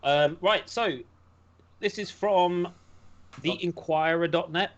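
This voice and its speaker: A man from the United Kingdom co-hosts a casual podcast chat, reading news aloud and tossing in jokey, sarcastic asides. His voice is high and slow, and the audio sounds dull.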